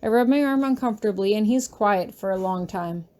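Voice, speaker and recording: A woman reading her fan fiction aloud in the first person, soft and anxious in tone. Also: medium pitch, brisk. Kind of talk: first-person audiobook narration.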